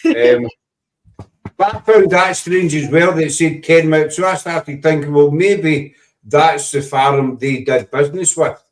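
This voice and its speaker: A man's voice: fairly high pitch, measured pace, echoey room, distant mic. A Scottish man with a Glaswegian accent, chatting casually and rambling as the host of a paranormal show. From Scotland. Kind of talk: casual chat.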